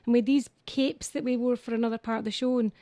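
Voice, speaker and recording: Scottish singer guest, chatty and self-mocking, mellow higher voice, dry studio sound. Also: female voice, steady tone, fast, no echo. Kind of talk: casual radio interview.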